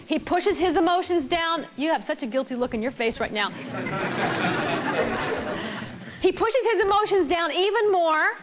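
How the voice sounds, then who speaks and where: A woman leading a live relationship seminar, telling a story with animated delivery and putting questions to the audience. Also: very high-pitched, unhurried, pauses often, a crowd in the background, noisy background. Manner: animated storytelling, acting out both sides of a couple.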